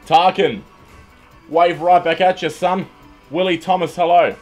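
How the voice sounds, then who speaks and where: Talking a little high and a little fast, an Australian man runs a livestream from his computer as music plays. He greets viewers by name, chatting and joking in a relaxed way.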